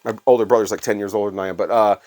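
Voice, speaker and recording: A man's voice: on the low side, steady tone, very fast, darkish tone. A middle-aged man from Illinois, a former radio worker, telling casual rambling stories full of fillers. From Illinois, USA. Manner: rambling and conversational, with frequent fillers. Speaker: former radio staffer, record collector. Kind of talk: casual storytelling vlog.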